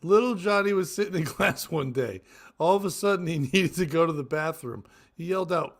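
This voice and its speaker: A man co-hosting a casual comedy podcast, reading crude jokes aloud, laughing constantly and acting out the characters in exaggerated voices. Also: brisk. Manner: laughs constantly, squeals into high-pitched shrieks when laughing. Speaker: podcast co-host.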